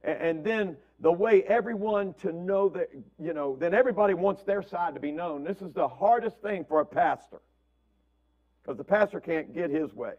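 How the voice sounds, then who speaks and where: A pastor with a high voice preaches a conversational sermon at normal speed, and the recording sounds muffled. He keeps asking "right?" to check in, repeats words, and acts out quotes from family members.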